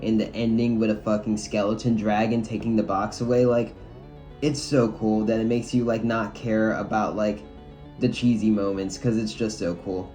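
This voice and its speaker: A man's voice: on the low side, flat delivery, normal speed, mellow, faint music behind. A man giving a casual video review of a film, talking loosely and frankly with lots of "like" and some swearing. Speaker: movie reviewer.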